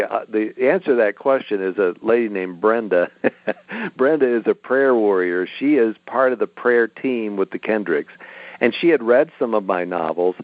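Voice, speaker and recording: Man, middle-aged, author guest, relaxed explaining, tinny phone line. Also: on the low side, no echo. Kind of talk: interview over a phone line.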